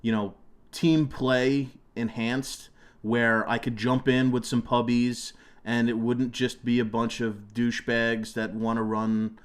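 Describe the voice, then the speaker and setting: A man's voice: medium pitch, flat delivery, slow, clean tone. A young man giving gameplay commentary, ranting and swearing a lot, often restarting his sentences. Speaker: gaming commentator. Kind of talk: profane gameplay commentary rant.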